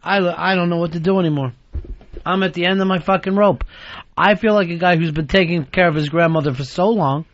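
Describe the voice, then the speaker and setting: A man's voice: sits high, dry recording, lo-fi sound. A man hosting a radio talk show who rants in a profane, mock-exasperated way.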